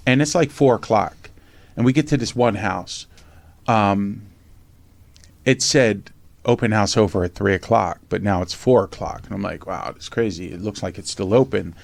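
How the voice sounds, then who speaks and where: A man telling a lively personal story in casual conversation, acting out other people's lines and swearing casually. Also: on the low side, creaky, no room sound. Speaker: podcast host and memoir author.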